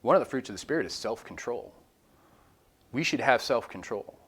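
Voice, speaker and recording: A man's voice: mid-range voice, expressive, fairly quick, fairly bright tone, breathy edge. A man leading an informal Bible study with a group, talking candidly and animatedly and acting out quoted voices. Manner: candid and self-deprecating.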